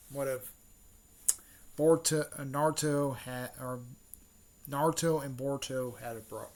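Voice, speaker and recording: A man retelling a story in a casual, rambling way, full of fillers, restarts and offhand swearing. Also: medium pitch. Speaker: fan channel host.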